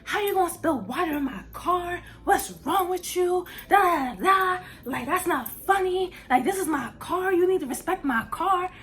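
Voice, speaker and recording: A woman's voice: a little high, a little fast, few pauses, a bit bright, lightly acted. A young woman voicing a drunk, tired young man who scolds indignantly.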